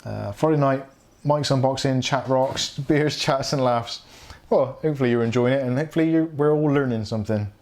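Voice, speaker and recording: A man's voice: mid-range voice, a little fast, a little mellow. A middle-aged man hosting a casual live tech chat stream, reading viewer comments aloud and laughing often.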